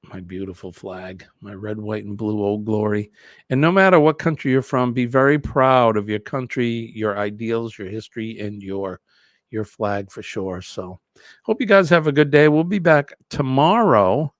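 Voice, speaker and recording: A man's voice: lowish voice, normal speed, dry recording. A man from New Hampshire with a New England accent, hosting a live show in a jokey, chatty way and laughing often. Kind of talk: casual live-stream chat.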